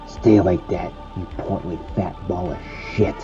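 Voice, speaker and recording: A man voicing a cruel, hulking male wolf-beast monster in a horror story, deep and taunting. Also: steady tone, unhurried, dull audio, over music. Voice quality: deep, gravelly, macho. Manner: taunting, mocking.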